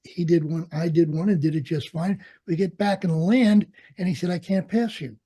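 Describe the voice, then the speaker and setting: An older man recalls his flight training in a relaxed, husky voice. He tells his stories with energy, acting out the dialogue and laughing as he goes. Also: high voice, moderate pace. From United States. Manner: animated storyteller, acts out quoted dialogue, laughs often. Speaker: interviewee, Vietnam veteran pilot. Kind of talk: storytelling in an oral history interview.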